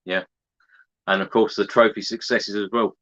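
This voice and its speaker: A man's voice: lowish voice, steady tone, normal speed, fairly bright tone. A man hosting a podcast, putting brief, friendly questions to his guest and reacting in a few words. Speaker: podcast host. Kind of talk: interview questions. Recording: slightly dull lo-fi sound.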